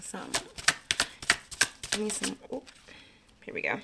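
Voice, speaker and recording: A woman giving a casual, slangy spiritual card reading, chatty and quick to laugh. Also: mid-range voice, wildly swooping pitch, vocal fry, pushed and bright, slightly rough. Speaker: tarot reader.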